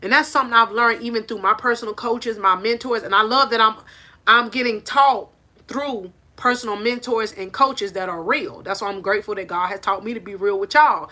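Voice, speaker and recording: Woman preaching motivation into her phone on the porch, bright and a bit high, keeps saying it with emphasis. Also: fairly quick. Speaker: life coach. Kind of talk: motivational talk to camera. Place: on a porch outdoors. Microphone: phone held in hand.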